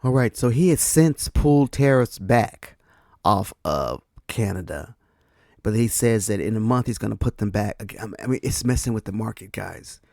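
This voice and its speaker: An exasperated man from the United States hosts a political podcast and speaks straight to his viewers. His voice has a gravelly, creaky edge. The recording is dry and close, with no room sound. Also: on the low side, animated, moderate pace, a little mellow, no echo. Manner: exasperated, talks to viewers directly. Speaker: podcast host. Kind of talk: casual political commentary.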